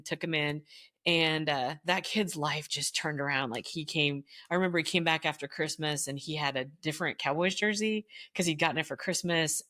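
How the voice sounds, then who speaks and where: A middle-aged woman and former teacher telling stories in a casual interview, animated and acting out the voices of the people she quotes. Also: sits low. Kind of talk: storytelling in casual conversation.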